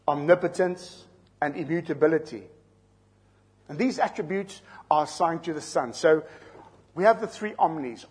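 A man's voice: on the high side, husky. A man with a South African accent preaching an expository sermon, explaining scripture verse by verse and putting questions to his listeners. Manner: teaching, explains terms, asks the listeners questions.

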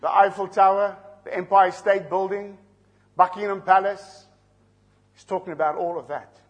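On a muffled recording, a man with a South African accent teaches through scripture verse by verse, explaining terms and questioning his listeners. His high voice keeps a fairly even intonation at a normal speed.

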